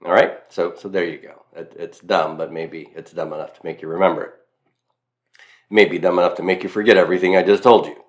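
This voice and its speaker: A man's voice: low voice, fairly even intonation, fairly quick. A man from Mississippi with a Southern accent, giving a recorded grammar lecture as a teacher, stressing and repeating key points with self-deprecating asides. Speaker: Latin teacher.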